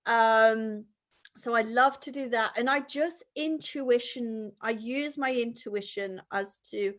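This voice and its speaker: A woman chatting as a guest, animated and acting out the voices of people she quotes. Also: fairly high pitch, slow pace. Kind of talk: casual conversation.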